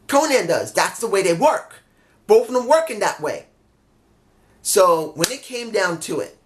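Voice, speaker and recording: A man's voice: high-pitched, a bit bright. A man giving a casual, off-the-cuff wrestling review, rambling and breaking into exasperated asides.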